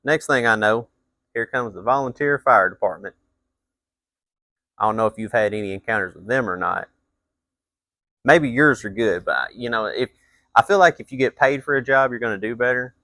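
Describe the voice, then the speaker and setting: A man's voice: medium pitch, normal speed, pauses often, pushed and bright, no echo. A man telling a blunt, profane story as a rant, his voice jumping up into heated outbursts. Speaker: vlogger.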